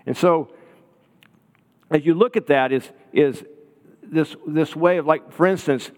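A man's voice: a little high, a little slow, darkish tone, big-room sound. A man preaching a sermon in a conversational, storytelling way, often checking in with his listeners. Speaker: pastor.

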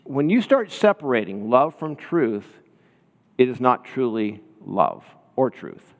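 A man's voice: mid-range voice, big pitch swings, slow, gravelly, phone-quality sound. Male pastor preaching, casual storyteller, asks the room questions, long hall reverb. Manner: conversational, storytelling, checks in with listeners. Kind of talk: sermon.

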